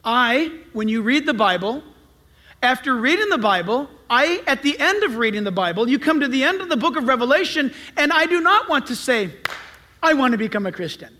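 A man preaching a sermon to his church with a very high voice. His tone is bright and forceful, and he drives his points home by repeating them. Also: big pitch swings, fairly quick. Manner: emphatic, repeats lines for stress. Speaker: pastor.

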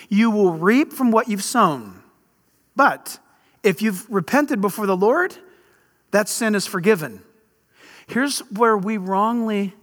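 A middle-aged male pastor preaching a sermon with impassioned, animated delivery and sudden loud bursts. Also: high-pitched, slow pace.

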